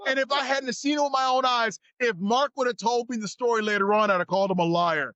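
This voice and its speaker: Male guest, high voice, lively storyteller doing voices, dry close sound. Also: fast, no echo, highs cut off. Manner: acts out voices and shouts in his stories. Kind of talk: animated storytelling.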